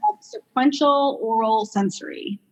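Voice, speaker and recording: A woman working as a pediatric speech therapist, chatting casually in an interview and telling stories with lots of fillers and animated quoted voices. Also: a little high, measured pace, lo-fi sound. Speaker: pediatric speech-language pathologist guest.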